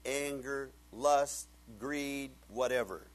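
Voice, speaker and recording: A man preaching a sermon, retelling a conversation and then building to loud, emphatic preaching. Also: medium pitch, expressive, moderate pace, breathy edge, poor audio.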